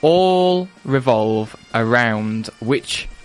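A young man hosts a student radio show from the studio, playful and quick to laugh, tripping over his words now and then. His pitch sits in the middle range, and soft music plays faintly behind him. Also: lively intonation. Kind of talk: casual radio chat.

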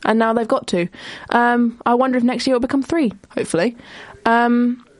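A woman's voice: on the high side, fairly even intonation, dry recording. Chatty young woman, rambling. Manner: chatty and rambling, quick asides, self-interrupting. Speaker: podcast host. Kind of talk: casual solo commentary.

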